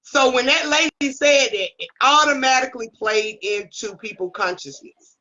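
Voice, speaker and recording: A woman's voice: high-pitched, moderate pace, bright, forceful tone, highs cut off. A woman co-hosting a casual online chat, laughing often and tagging her points with "okay?". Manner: laughs a lot, keeps asking "okay?". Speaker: co-host.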